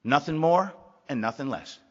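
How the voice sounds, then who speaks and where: In a meeting hall, captured on a lo-fi recording, a middle-aged man shares a rambling, honest account at a recovery meeting, frequently repeating words. His husky voice sits on the high side, animated and at a moderate pace.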